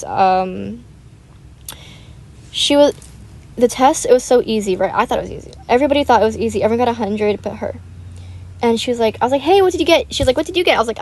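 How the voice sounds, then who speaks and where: A teenage girl chatting casually and rambling animatedly while she plays a game. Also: on the high side. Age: teens. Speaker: gaming YouTuber. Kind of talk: casual chat while gaming.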